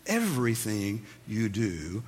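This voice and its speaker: Animated male preacher in a reverberant hall. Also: lowish voice, slow. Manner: animated, rising to emphatic questions. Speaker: pastor. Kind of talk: sermon.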